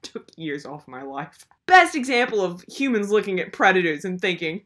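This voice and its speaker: Brief: young woman, comedic video host, sarcastic exasperated rant, very animated pitch. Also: moderate pace, hardly any pauses. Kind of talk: comedic commentary.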